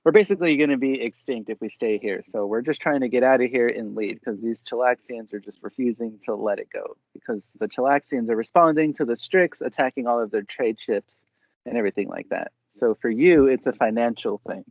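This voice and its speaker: Laughing game master, dry sound. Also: male voice, mid-range voice, fairly quick, no room sound. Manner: loose, laughing, rambling. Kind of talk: narrating a tabletop game. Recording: dry, dull lo-fi recording.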